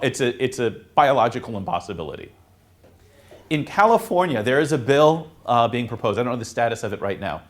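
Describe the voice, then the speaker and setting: A man, a priest, teaching students in a classroom in a casual, halting way, with many fillers and restarts. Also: mid-range voice. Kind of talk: informal classroom talk.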